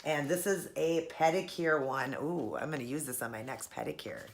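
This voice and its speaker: A woman in her forties, a vlogger chatting casually while unboxing a gift, gushing and sentimental with breathy laughs. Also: low-pitched, normal speed. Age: 40s.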